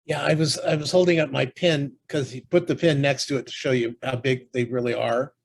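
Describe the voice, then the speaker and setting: A man's voice: medium pitch, fairly even intonation, a little fast, vocal fry. A man co-hosting a casual podcast, chiming in with short, easygoing remarks. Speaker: podcast co-host.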